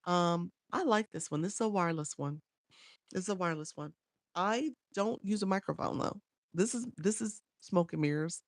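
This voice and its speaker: A woman's voice: on the low side, normal speed, no echo. A woman coaching live streamers, chatting casually and answering viewers by name, often repeating herself. She talks into a phone.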